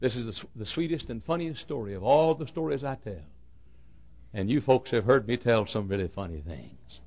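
A man, preaching and telling a story in a folksy, dramatic way that swings from hushed to shouting. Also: mid-range voice, expressive, moderate pace, muffled recording. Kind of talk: storytelling sermon.

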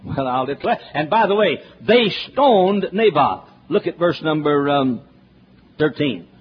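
Folksy high-voiced preacher. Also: male voice, expressive, measured pace. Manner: folksy, joking asides, building to emphatic. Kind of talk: sermon. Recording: dull lo-fi with faint noise.

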